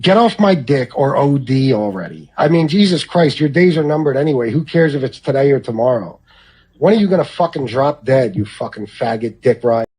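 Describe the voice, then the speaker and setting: Angry ranting man, husky, mellow tone, yelling insults. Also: mid-range voice, lively intonation, brisk. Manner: angry, profane shouting rant. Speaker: played clip of a ranting man. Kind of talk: recorded rant.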